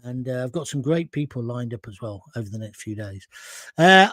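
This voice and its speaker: A man's voice: mid-range voice, animated, brisk, fairly bright tone, no echo. A man hosting a live talk show, reading out viewer comments and rambling through anecdotes on a close mic. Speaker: host.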